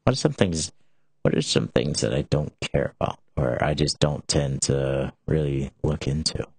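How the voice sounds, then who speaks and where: Very deep-voiced young man hosting. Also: steady tone, moderate pace, vocal fry, a little mellow, husky, no echo. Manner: rambling, with many restarts and filler "like". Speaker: show host. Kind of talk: casual rambling talk show.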